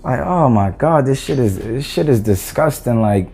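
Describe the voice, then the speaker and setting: Fired-up male vlogger, exasperated and cursing, warm low-toned timbre. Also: expressive, normal speed, vocal fry, soft background music. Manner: heated, profane, exasperated ranting. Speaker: boxing commentator. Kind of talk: ranting opinion vlog.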